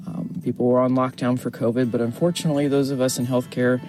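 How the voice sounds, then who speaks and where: A man's voice: mid-range voice, little pitch movement, fast, dark tone. Ohio caller guy in his 40s, friendly, rambles with lots of ums, faint music behind. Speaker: radio show caller. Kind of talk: phoned-in voicemail.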